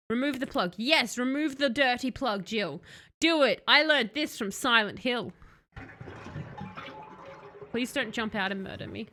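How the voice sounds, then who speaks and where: A woman's voice: fairly high pitch, bright, forceful tone, a little hiss or hum. A young woman giving chatty, sarcastic let's-play commentary, talking to the game's hero and to her chat. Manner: chatty, sarcastic, talks to the game character and chat. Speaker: streamer.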